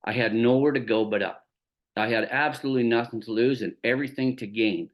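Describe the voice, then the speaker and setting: A man's voice: mid-range voice, a little fast. A man giving a casual motivational talk about his small business, folksy and conversational, acting out the dialogue of his stories. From Canada. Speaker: network marketing business trainer.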